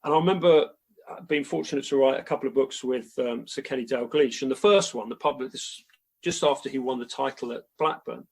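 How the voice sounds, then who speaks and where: Sports writer guest, man, husky voice, lively anecdote full of quotes. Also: mid-range voice, brisk. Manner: animated, quoting others at length. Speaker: football journalist guest. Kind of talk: storytelling anecdote.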